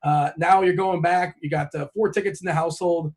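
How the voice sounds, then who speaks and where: A male podcast host who talks quickly in a high voice, firing off questions and playful teasing jabs at his guest. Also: fairly even intonation. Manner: joking, teasing interviewer. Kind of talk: casual interview chat.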